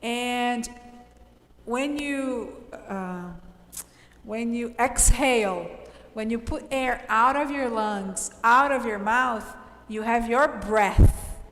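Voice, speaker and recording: A woman's voice: on the high side, takes it slowly, a bit bright. A woman English teacher, explaining grammar patiently to her class and checking often that everyone follows. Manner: patient, explanatory, checks understanding with frequent "okay?". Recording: roomy, reverberant room sound.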